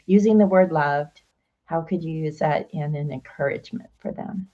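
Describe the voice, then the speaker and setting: A woman hosting a show over a video call, speaking in an affirming, sensitive, gently emotional way. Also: deep voice, normal speed, highs cut off. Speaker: host. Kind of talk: casual heartfelt talk-show chat.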